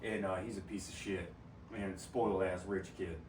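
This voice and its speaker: A man's voice: sits low, steady tone, normal speed, a little mellow, recorded from a distance, a little hiss or hum. A man hosting a podcast in casual chat, telling profane stories and laughing often. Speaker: podcast host. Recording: roomy echo from off-mic, faint ambience.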